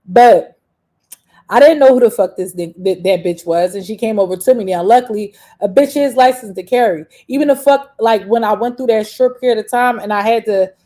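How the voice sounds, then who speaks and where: Woman, young adult, podcast host, casual rant, profane, combative, rambling, mellow tone. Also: mid-range voice, brisk, few pauses.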